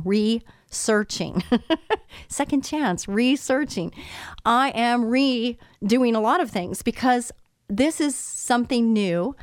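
A middle-aged woman speaks with earnest, heartfelt conviction, giving a motivational talk rooted in faith. Her voice sits at a middle pitch, and the recording is dry and close, with no room sound. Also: no room sound. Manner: earnest, faith-filled, emotional storytelling. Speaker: business owner and coach.

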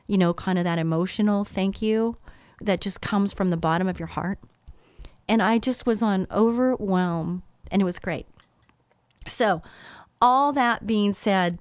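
A woman's voice: medium pitch, smooth, no echo, clean studio sound. A middle-aged woman giving an earnest, emotional motivational talk about trust and faith, speaking as a business owner and coach.

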